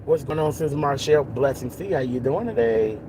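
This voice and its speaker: A cheerful man hosts a casual live stream from behind the wheel. He greets viewers warmly and keeps an upbeat, chatty tone. Steady car and road noise sits clearly under his mid-pitched voice. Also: a little fast. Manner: upbeat, greets viewers by name, folksy "y'all". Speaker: vlogger. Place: in a moving car.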